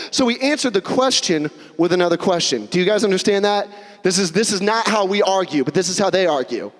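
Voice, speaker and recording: A man's voice: high-pitched, lively intonation, fairly quick. A young man preaching a casual, conversational sermon in a church, with joking asides and little acted-out quotes. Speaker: pastor. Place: church sanctuary. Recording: long hall reverb.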